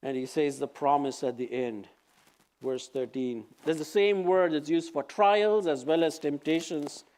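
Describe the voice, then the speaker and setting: A man preaching a sermon in an earnest, exhorting manner, reading scripture aloud with pauses. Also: fairly high pitch, a little mellow. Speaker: pastor.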